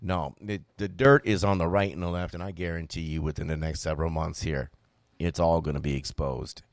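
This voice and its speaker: Deep-voiced emphatic man, political talk host. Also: brisk, dry recording. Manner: emphatic, animated, repeats himself when making a point. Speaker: podcast host. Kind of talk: political talk show commentary.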